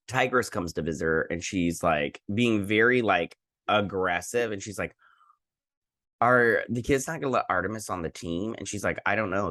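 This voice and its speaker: A man hosts a casual episode recap, rambling along as he quotes the characters. His voice sits low but swings up and down with lively pitch. The sound is dry and close to the mic. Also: no room sound. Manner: rambling, animated retelling with quoted lines. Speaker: host.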